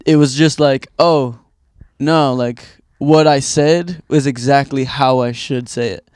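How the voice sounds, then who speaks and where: Male comic guest, smooth clear voice, rambling delivery, dry room. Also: medium pitch, steady tone, slow pace, darkish tone, no echo. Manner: rambling, filler-heavy. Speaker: comedian guest. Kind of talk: casual podcast chat.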